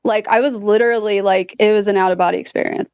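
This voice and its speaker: A woman guest telling a story in casual chat, animated and profane, filling her talk with "like". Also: medium pitch, fast, clear, resonant tone, no echo, highs cut off. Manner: animated, profane, heavy use of "like".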